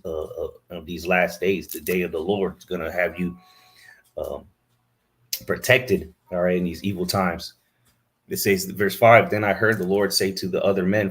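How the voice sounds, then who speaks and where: A man preaching a fiery sermon, scolding his listeners and reading scripture aloud into a camera he set up himself. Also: sits low.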